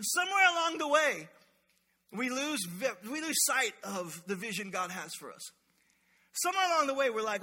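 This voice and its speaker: A man preaching a lively, humorous sermon as pastor, calling out to the congregation in a church sanctuary. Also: very high voice, moderate pace. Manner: energetic, humorous preaching with crowd call-outs. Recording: long hall reverb.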